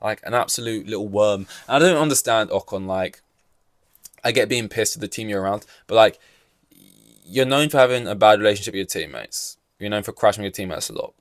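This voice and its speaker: A man's voice: fairly low pitch, animated, fairly quick, no echo, clean studio sound. A young man hosting a podcast, ranting casually and sarcastically, swearing freely. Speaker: podcast host. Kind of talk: casual solo podcast commentary.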